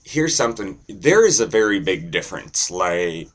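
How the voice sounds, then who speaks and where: Young guy rambling to his camera, deep flat voice, slow and kinda husky. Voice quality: deep monotone. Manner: slow, deadpan, swears casually. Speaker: vlogger. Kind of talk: casual rambling monologue.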